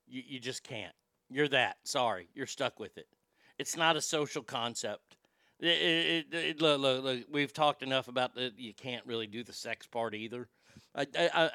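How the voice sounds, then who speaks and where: A man rants with profane sarcasm in a high, bright voice. His voice is smooth and clear, recorded close and dry with no room sound. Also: dry recording. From Texas. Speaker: host. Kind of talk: casual comedic rant.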